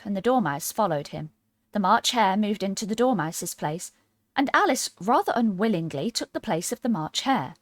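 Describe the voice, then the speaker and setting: A woman narrating a classic storybook aloud with an expressive, animated reading. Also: lowish voice, no echo. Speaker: audiobook reader.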